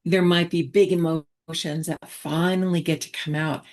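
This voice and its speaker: A woman therapist explaining her approach in a relaxed online teaching chat, talking reflectively with many fillers and restarts. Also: on the low side, moderate pace. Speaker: therapist presenter.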